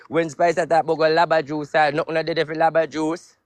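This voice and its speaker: A man's voice: fairly high pitch, little pitch movement, brisk, no room sound. A man with a Jamaican accent in a profane, heated live video rant in heavy patois. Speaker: social media personality.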